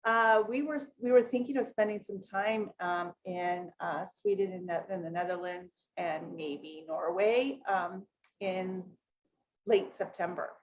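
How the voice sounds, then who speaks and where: A woman's voice: lowish voice, measured pace, highs cut off, a little hiss or hum. A middle-aged woman from the United States hosts a livestream in a loose, chatty way, trailing off into fillers and starting sentences over. She breaks off to greet her viewers by name with a lift in her voice, then settles back into her coaching talk. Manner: chatty and rambling, many fillers and self-corrections. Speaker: network marketing coach hosting a live session.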